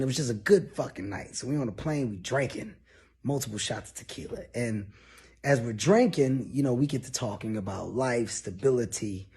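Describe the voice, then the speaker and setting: A man telling a comedic personal story in a loud, animated, profane way. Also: medium pitch, husky. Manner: animated, profane, shouts when acting out quotes.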